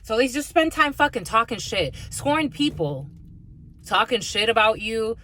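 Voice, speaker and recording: A woman's voice: fairly high pitch, sing-song, measured pace, pushed and bright. A woman channeler giving a spiritual energy reading to her viewers. She talks bluntly and swears freely, restarts her sentences often and calls her listeners "my lovies.". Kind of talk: direct-to-camera energy reading monologue.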